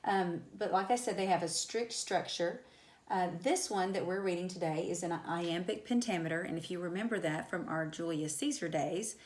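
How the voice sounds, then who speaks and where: A woman with a fairly low voice gives a recorded English lesson. She explains patiently and step by step, leaning on "um" and "so" as she goes. The sound is roomy, with clear echo around her. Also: normal speed. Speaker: high school English teacher. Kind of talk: recorded classroom lecture.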